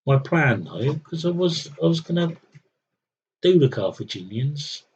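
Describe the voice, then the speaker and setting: A man's voice: fairly high pitch, very animated, unhurried, a little mellow, lo-fi sound, a little hiss or hum. A young man streaming a strategy game, thinking aloud with wry, muttered commentary. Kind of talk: casual live gameplay commentary.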